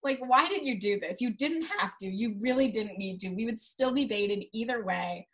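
A woman's voice: on the high side, moderate pace, a bit bright. A woman co-hosting a podcast, giving wry, chatty fan commentary. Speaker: podcast co-host. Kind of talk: casual chat.

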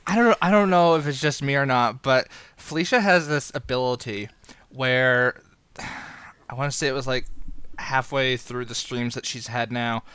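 A man hosting a casual podcast, telling stories in an animated way with frequent fillers. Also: normal speed, smooth, no echo. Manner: animated storyteller, bursts into high quoted voices. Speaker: podcast host.

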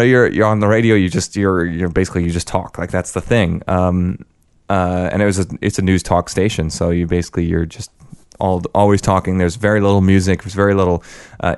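A man's voice: low-pitched, darkish tone, no room sound, clean studio sound. A man co-hosting a podcast in casual chat over a video call, laughing as he tells stories against himself. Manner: laughing, self-mocking storyteller. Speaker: podcast co-host.

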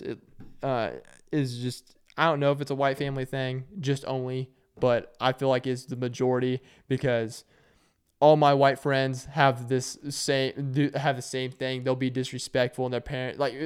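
A young man hosting a solo podcast, telling rambling, self-deprecating stories in a casual way and acting out loud quotes. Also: mid-range voice, fairly even intonation, normal speed, clear, resonant tone. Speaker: podcast host.

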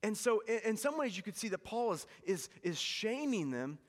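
A man's voice: high-pitched, very animated, normal speed, in a large hall. A man preaching a sermon as pastor, earnest and pleading, often repeating words for emphasis.

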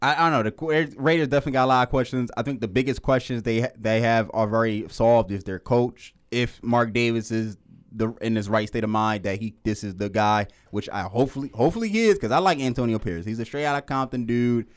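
A man's voice: mid-range voice, fast talker. A man hosting a casual sports talk show, rambling and correcting himself, often laughing. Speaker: host.

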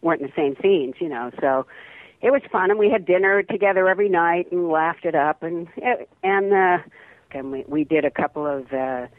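An older actress chatting as an interview guest over the phone, rambling with restarts and laughing often. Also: female voice, fairly low pitch, normal speed, no echo. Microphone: telephone. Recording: tinny dry phone line.

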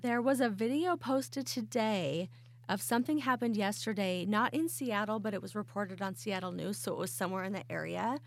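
Female co-host, chatty and filler-heavy, creaky voice. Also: mid-range voice, moderate pace. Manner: chatty storyteller, lots of "like". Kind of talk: casual group chat.

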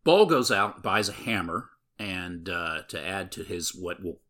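Deep, forceful man recapping a film. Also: lively intonation, measured pace. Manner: rambling, many filler words. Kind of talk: casual film recap chat.

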